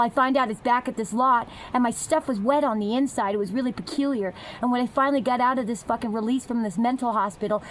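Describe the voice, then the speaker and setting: Woman, high-pitched, agitated profane rant, run-on sentences, slight background hiss. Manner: agitated, heavily profane, fast tumbling sentences. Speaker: vlogger. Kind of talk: angry ranting monologue.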